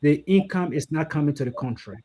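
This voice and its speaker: A guest with a notably high voice for a man. He talks in anecdotes and restates his phrases as he goes. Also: expressive, a little fast, warm tone. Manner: storytelling, repeats phrases. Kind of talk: casual discussion.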